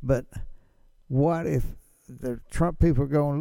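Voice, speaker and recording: A man's voice: fairly high pitch, steady tone, slow pace, vocal fry, dark tone, dry recording. A man hosting a political commentary show, chatty, asking rhetorical questions and chuckling. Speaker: podcast host.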